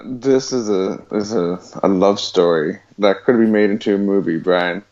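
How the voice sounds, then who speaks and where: A man's voice: lowish voice, moderate pace, darkish tone, dull audio. A man co-hosting a casual podcast, chiming in with wry quips and reading out listener questions. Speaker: podcast co-host. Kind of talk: casual chat.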